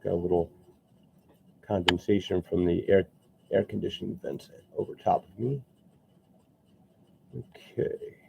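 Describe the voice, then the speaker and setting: A man with a deep, gravelly voice talks casually through a live sculpting stream, drifting into quiet asides to himself. The sound is dull and lo-fi, with a faint hiss underneath. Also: measured pace, pauses often. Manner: muttering asides to himself as he works. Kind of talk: casual live-stream chat while working. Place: indoor workspace under air conditioning vents.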